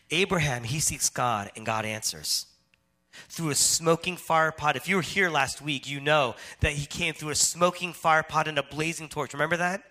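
Bright-voiced preaching man. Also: fairly high pitch. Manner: dynamic preaching, swings from loud emphatic to hushed. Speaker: pastor. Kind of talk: sermon.

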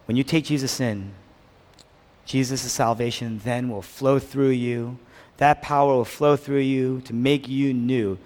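A man preaching a sermon as pastor, swinging between loud, emphatic build-ups and hushed near-whispers, with repeated questions to the congregation. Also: mid-range voice, steady tone, a little slow.

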